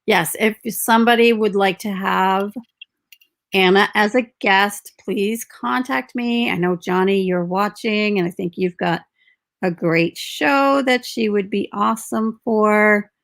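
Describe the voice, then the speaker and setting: A woman's voice: mid-range voice, measured pace, gravelly. Woman host of a live-streamed podcast, upbeat and encouraging. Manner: encouraging, upbeat, gently prompting.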